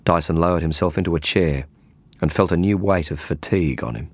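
A man reading an audiobook in calm, measured narration. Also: low-pitched, slightly rough, no room sound. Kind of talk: scripted narration.

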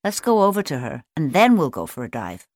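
A woman's voice: sits low, wildly swooping pitch, a little fast, dry recording, clean studio sound, heavily acted. A woman voicing Pat, a small, curious young female sea otter who keeps asking questions, in a storybook reading. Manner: full of questions.

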